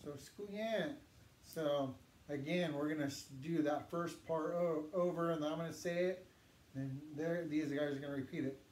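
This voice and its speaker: A man teaching a language lesson, patiently saying words slowly for learners to repeat. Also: on the high side, a little mellow. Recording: echoey room with faint noise.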